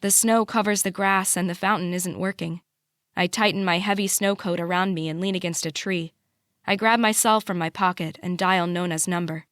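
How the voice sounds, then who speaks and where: A young adult woman narrating a first-person audiobook in a measured, emotive way. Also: medium pitch, fairly even intonation, fairly bright tone, no room sound, studio quality.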